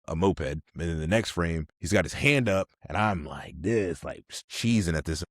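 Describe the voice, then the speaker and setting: A man's voice: low voice, expressive, moderate pace, dry recording, studio quality. A man in his thirties, a podcast guest, telling stories casually and animatedly, laughing often. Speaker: podcast guest, army officer. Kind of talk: casual storytelling.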